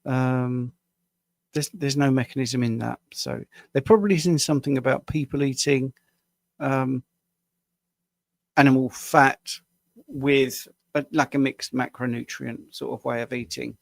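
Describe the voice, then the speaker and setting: Gravelly, tired man on a dry home mic. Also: medium pitch, steady tone, a little slow, no room sound. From United Kingdom. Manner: casual, rambling, self-deprecating with small laughs. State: tired after a long day at the screen. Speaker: health coach answering viewer questions. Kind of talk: live Q&A stream.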